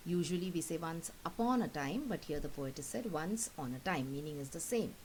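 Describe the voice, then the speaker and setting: A woman's voice: low voice, expressive, a little fast, few pauses, darkish tone, a little hiss or hum, low-quality recording. A woman teacher, patiently explaining a lesson and checking understanding with frequent questions. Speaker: English teacher. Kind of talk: recorded classroom lesson.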